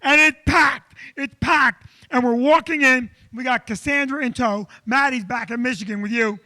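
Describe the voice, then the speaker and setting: Casting: high-pitched, sharp-toned male comic storyteller, animated and loud. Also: normal speed, no room sound. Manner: animated, loud, acts out quotes. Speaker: comedian co-host.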